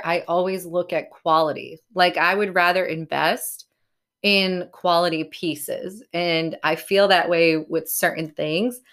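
A young woman vlogger in casual chat, rambling with lots of fillers, swearing freely and quoting conversations animatedly. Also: on the low side. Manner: animated quoting of herself and others.

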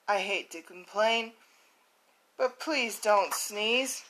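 A woman's voice: medium pitch, slow pace, fairly bright tone, low-quality recording. A woman reading as a pleading buffalo.

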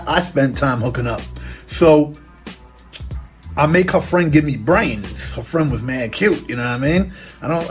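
A young man tells a crude story in loose street slang, swearing freely and checking in with "you know what I mean" throughout. His voice sits a touch high for a man. Faint music plays underneath.

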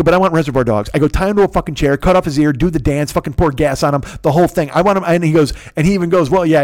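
A middle-aged man hosting his own show, telling a story in a profane, ranting, animated way. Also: sits high. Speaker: podcast host. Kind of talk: casual storytelling monologue.

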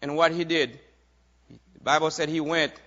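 A man preaching a sermon, repeating key phrases in a steady preaching cadence. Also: fairly high pitch, moderate pace. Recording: dull lo-fi recording.

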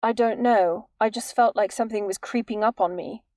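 A woman's voice: medium pitch, normal speed, darkish tone, no echo, studio quality, close to an everyday voice. A woman voicing a jumpy, nervous teenage boy.

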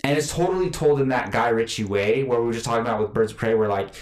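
A man's voice: mid-range voice, fast, echoey room. A man casually chatting about movies as a podcast co-host, rambling with lots of fillers and restarts.

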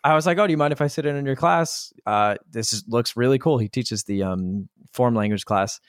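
Man, medium pitch, art teacher guest, self-deprecating, laughs a lot, dry close recording. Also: brisk, no room sound. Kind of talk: casual interview chat.

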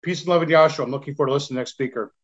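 A man's voice: on the high side, racing, lo-fi sound. A man preaching earnestly in an online Bible class, repeating himself as he exhorts the listeners, while ill with covid. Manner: repetitive, earnest exhortation with stumbles.

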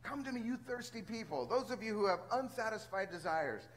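A man preaching a sermon as a pastor, talking in a conversational, animated way with frequent restarts. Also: sits high, brisk, rough recording.

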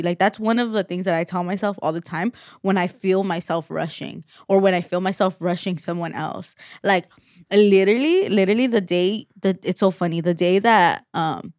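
A woman's voice: fairly low pitch, normal speed, darkish tone, dry recording, studio quality. A young woman co-hosting a podcast in casual chat, rambling with lots of "like", restarts and freely dropped swear words. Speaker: podcast co-host.

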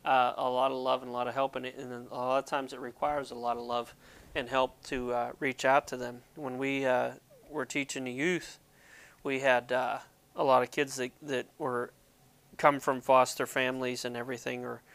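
A man's voice: medium pitch, flat delivery, moderate pace, gravelly, a bit bright, clear, resonant tone. A man hosting a casual devotional talk to viewers, jokey and rambling, poking fun at himself. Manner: jokey, rambling, self-deprecating. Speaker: ministry video host. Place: Pennsylvania.

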